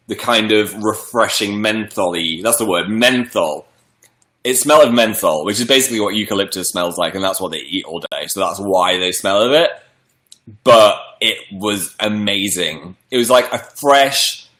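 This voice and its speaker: Chatty man with a bright voice. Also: lowish voice, echoey room. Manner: chatty, playful, rambling. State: slight cold with a cough. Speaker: livestream host reading viewer messages. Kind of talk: casual livestream chat.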